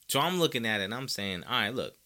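A man's voice: mid-range voice, very animated, fast talker, pushed and bright. A man hosting a sports podcast, giving emphatic, opinionated commentary straight to his listeners.

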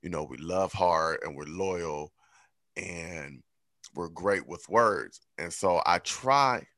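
A man's voice: sits low, slow pace, no echo, studio quality. A man co-hosting a podcast, talking candidly and reflectively about his own growth. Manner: candid, reflective, animated when quoting himself. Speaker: podcast co-host. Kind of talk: casual chat.

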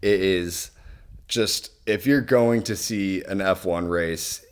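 A young American man co-hosting a podcast, speaking earnestly and gratefully with halting restarts. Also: low voice, smooth. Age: young adult. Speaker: podcast co-host. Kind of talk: casual chat.

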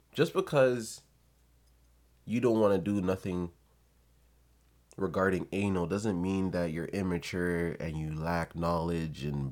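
A man's voice: sits low, a little mellow. A man giving blunt, profane advice in a casual rant to his viewers.

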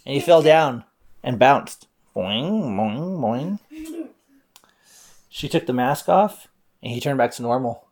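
A man's voice: mid-range voice, moderate pace, darkish tone. A man improvising a bedtime story aloud, playful, with silly sound effects.

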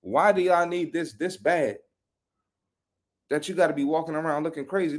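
A man hosting a fitness podcast, giving blunt, animated reaction commentary on social media posts with slangy trash talk. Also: fairly high pitch, normal speed, long pauses.

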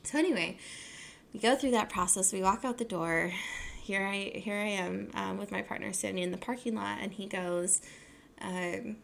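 A woman's voice: mid-range voice, normal speed, creaky, a bit bright. A young adult woman hosting her own podcast, talking casually in a rambling way, full of fillers and self-corrections. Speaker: podcast host. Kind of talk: casual solo podcast talk.

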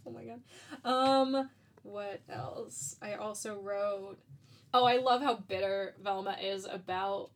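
A woman's voice: medium pitch, fairly even intonation, takes it slowly, a little hiss or hum. A woman co-hosting a podcast in casual chat, swearing freely and laughing often. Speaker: podcast co-host.

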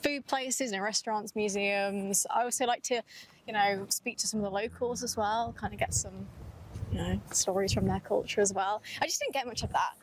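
A woman's voice: mid-range voice, normal speed, slight background noise, low-quality recording. A young woman co-hosting a casual chat while walking outdoors on a campus, upbeat and talkative, often laughing and saying "like". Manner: chatty, upbeat, laughs often, says "like" a lot. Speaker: podcast co-host.

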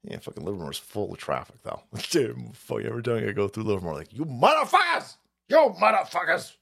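A man hosting a livestream, ranting about politics in a profane, animated way with frequent laughter. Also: fairly low pitch, quick pace, vocal fry. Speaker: livestream host.

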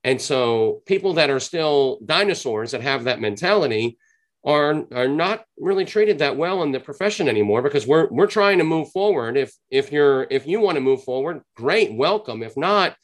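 A man's voice: on the high side, animated. A man speaking as a podcast guest and sales trainer, explaining his views in an earnest, conversational way and drawing out the words he wants to stress. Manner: earnest, explanatory, drawn-out emphasis on key points. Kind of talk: conversational interview answer.

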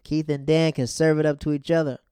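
Mellow-voiced man chatting through a recap. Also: on the high side, flat delivery, clean tone, no room sound, studio quality. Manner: chatty, slangy, acts out character lines in quick bursts. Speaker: TV episode recapper. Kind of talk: casual episode recap.

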